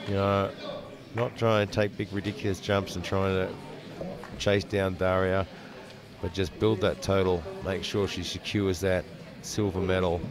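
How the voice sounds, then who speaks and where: Deep-voiced guy announcing lifters at a live meet, crowd noisy behind him. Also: little pitch movement, measured pace. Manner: calls each lifter's name, country and weight, then adds analysis. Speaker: powerlifting commentator. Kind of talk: live sports commentary. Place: commentary box at a competition venue. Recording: crowd noise at a live event.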